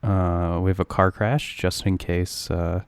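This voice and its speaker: A man's voice: sits low, flat delivery, measured pace, very noisy. A young man co-hosting a podcast, teasing his friend in profane, rambling casual banter full of fillers. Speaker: podcast co-host.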